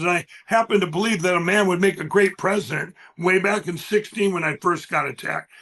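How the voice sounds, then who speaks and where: Man with a high-pitched voice, guest on a talk show, rambling and emphatic, telling stories. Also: fairly quick, hardly any pauses, fairly bright tone. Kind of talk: animated interview storytelling.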